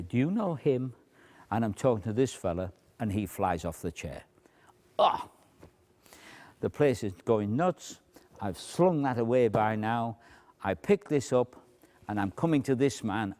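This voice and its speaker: A man teaching a stage routine, explaining how he cues volunteers and dropping to a hushed near-whisper to demonstrate. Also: lowish voice. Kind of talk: demonstration lecture.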